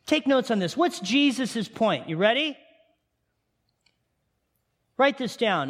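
A man preaching a sermon to his congregation, animated and firing questions at them. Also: very high-pitched, takes it slowly, long pauses. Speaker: pastor. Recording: long hall reverb.

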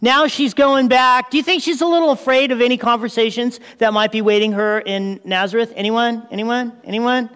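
A man preaching a lively sermon, asking his listeners questions and acting out the story as he goes. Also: very high voice, moderate pace, few pauses, clean tone. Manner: lively, asks the audience questions, acts out scenes. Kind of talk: animated sermon. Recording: long reverb of a large hall.

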